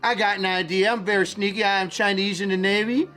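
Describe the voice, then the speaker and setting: A man's voice: high voice, steady tone, fast talker, bright, forceful tone, pitched above the performer's own voice. A man voicing a boastful, scheming naval officer in a mock-foreign caricature voice, bragging and shifting blame. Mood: flustered.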